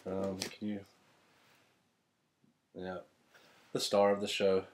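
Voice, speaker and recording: A man unboxing gifts from fans at home, talking casually and rambling, getting excited and cracking self-deprecating jokes. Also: sits low, takes it slowly, background noise. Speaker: author unboxing fan gifts. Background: thunder and a dog's collar.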